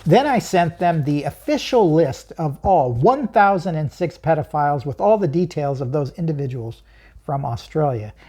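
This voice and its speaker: A woman's voice: sits low, animated, moderate pace, warm tone, slightly rough. A woman hosting her own channel, telling a personal story in an emphatic way, chuckling often and asking herself questions.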